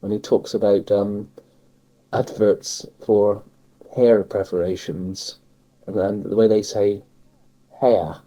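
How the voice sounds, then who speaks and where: A man interviewing in a casual conversation, hesitant and filling pauses with ums. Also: on the low side, flat delivery, mellow, low-quality recording. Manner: hesitant, many fillers.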